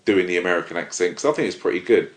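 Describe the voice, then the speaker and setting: A man's voice: sits low, lively intonation, racing. A man hosting a casual film review podcast, rambling and enthusiastic. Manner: rambling, self-interrupting, enthusiastic. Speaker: podcast host. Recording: roomy echo.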